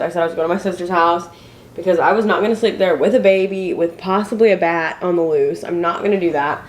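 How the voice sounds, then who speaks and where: A young woman from Indiana chats to the camera in her house, telling a story in a loose, rambling way full of fillers and restarts. Her voice sits a little low. The room echoes noticeably, with a faint hiss underneath. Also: fairly even intonation, fast. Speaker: family vlogger. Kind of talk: casual chat to camera. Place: her home, indoors.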